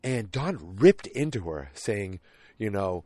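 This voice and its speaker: A rambling man hosts a podcast, retelling a TV episode in a loose, chatty way with lots of ums and restarts. His voice sits fairly low. The sound is dry and close, with no room around it. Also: sing-song, moderate pace, a little mellow, no echo. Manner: rambling, retells scenes in quoted voices, many fillers and restarts. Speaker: podcast host. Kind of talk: casual episode recap.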